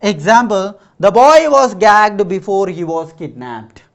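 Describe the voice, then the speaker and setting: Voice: mid-range voice, expressive, measured pace, lo-fi sound. An English teacher explaining a story and word meanings step by step, often checking in with "right?". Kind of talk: classroom vocabulary lesson.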